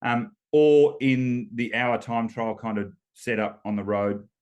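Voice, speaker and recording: An Australian man in his fifties sits in as an interview guest, telling stories at an easy, middling pitch. He rambles warmly through fillers and restarts, breaking into short laughs between points. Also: measured pace, smooth. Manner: chatty storyteller, laughs between points, many ums and restarts. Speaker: guest, former Olympic rower. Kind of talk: casual storytelling interview.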